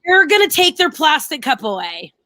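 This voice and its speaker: A young woman with a high, bright voice chats on a live stream and tells animated stories. She laughs often and acts out the quotes. The sound is close and dry. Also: normal speed, dry recording. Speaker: co-host. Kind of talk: casual live-stream chat.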